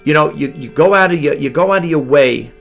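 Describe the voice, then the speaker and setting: A man's voice: fairly high pitch, fairly quick, gravelly, faint music behind. A tired middle-aged man from New York, rambling through stories late at night in his home, often repeating words and drifting between topics. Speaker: online reseller vlogger. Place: home room with a grandfather clock.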